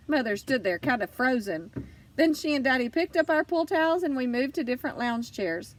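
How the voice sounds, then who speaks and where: A woman narrating a children's audiobook in first person, lively and expressive. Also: high voice, a little fast, distant mic. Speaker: audiobook reader.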